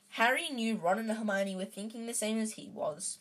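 A woman's voice: a little high, normal speed, hardly any pauses, fairly bright tone. A woman reading a children's novel aloud in a casual way, with small slips and fillers. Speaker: narrator.

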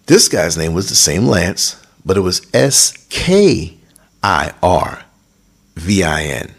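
A man hosting a podcast, talking through a reflective monologue that grows animated when he recalls moments. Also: sits low, slow pace, husky. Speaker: podcast host. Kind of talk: casual monologue.

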